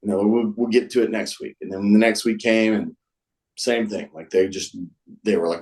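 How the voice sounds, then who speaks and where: Low-voiced man telling stories. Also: steady tone, moderate pace, a little mellow, low-quality recording. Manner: rambling, with many fillers and restarts. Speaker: guest. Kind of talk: casual storytelling.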